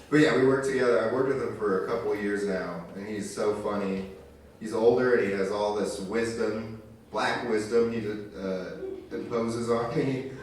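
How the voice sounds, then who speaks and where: A man's voice: on the low side, slight background noise. A man in his twenties doing a stand-up set on a live stage, telling crude stories in a loose, conversational way. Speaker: stand-up comedian. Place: live stage in a community arts venue. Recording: very echoey room recorded from far off. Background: crowd ambience.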